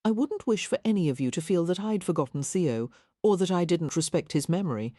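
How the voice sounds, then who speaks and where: A woman's voice: lowish voice, lively intonation, a little fast, dark tone, no echo, studio quality. A woman voicing a reserved, earnest young Victorian woman in an audiobook, speaking in a composed, earnest way.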